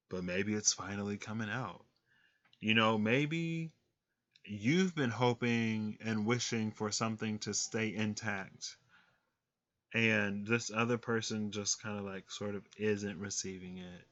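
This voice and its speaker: A man's voice: on the low side, measured pace, fairly bright tone, muffled recording. A man giving a casual tarot reading, rambling with lots of fillers and frequent laughs. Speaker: tarot reader.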